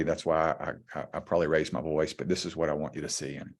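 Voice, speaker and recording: A man in his forties, a former pitcher and coach, talking earnestly and at length as a guest in a casual conversation, with many restarts. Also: flat delivery, quick pace. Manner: earnest, heartfelt, rambling with restarts.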